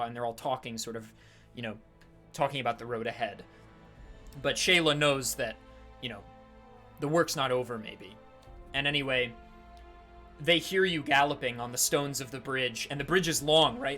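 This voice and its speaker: A man's voice: medium pitch, pushed and bright. A man narrating a tabletop game as game master, talking casually with lots of fillers. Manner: casual, full of fillers and restarts.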